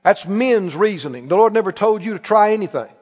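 A man's voice: high voice, expressive, brisk, a little mellow. A man preaching a sermon emphatically, leading his congregation in call-and-response. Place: church sanctuary. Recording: dull recording in a reverberant hall.

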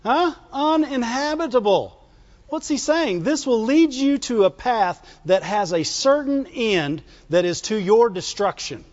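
A man's voice: very high voice, expressive, measured pace, darkish tone, big-room sound, highs cut off. A man preaching a sermon in a folksy, call-and-response way, asking the congregation to answer back.

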